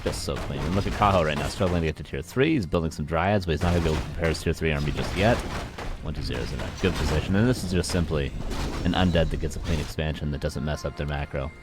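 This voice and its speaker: Speaking fast in a rumbling low voice, an esports caster calls a live strategy game match play by play. He chats with his viewers and laughs at himself, with game sounds and music in the background.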